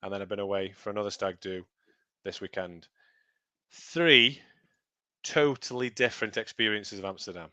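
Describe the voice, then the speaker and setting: A man's voice: lowish voice, steady tone, moderate pace, pauses often, sharp tone, no room sound. A man co-hosting a live podcast, rambling and laughing easily in casual chat. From Stoke-on-Trent, England. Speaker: podcast co-host. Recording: dull lo-fi dry sound.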